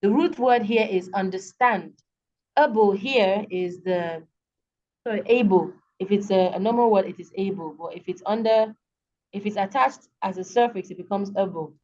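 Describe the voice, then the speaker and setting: A woman's voice: medium pitch, moderate pace, darkish tone. A woman with a Nigerian accent teaching an English lesson, patiently repeating words to show stress and checking in with "okay". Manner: frequent fillers and checks with okay. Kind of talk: online class lecture. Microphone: video call. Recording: dull lo-fi video call audio.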